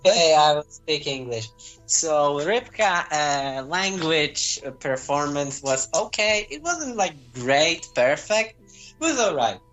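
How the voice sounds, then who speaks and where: A man's voice: fairly high pitch, very animated, takes it slowly, fairly bright tone, faint music behind, poor audio. A Polish-speaking man chatting casually in English in a group voice chat, rambling with lots of "like" fillers. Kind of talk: casual banter.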